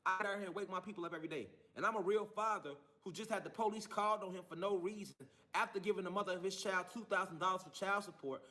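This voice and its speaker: A man in a heated, profane monologue, defiant and ranting. His voice is high and bright with a sharp, forceful edge. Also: fast talker, hardly any pauses. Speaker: man telling his own story in a clip. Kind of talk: angry monologue.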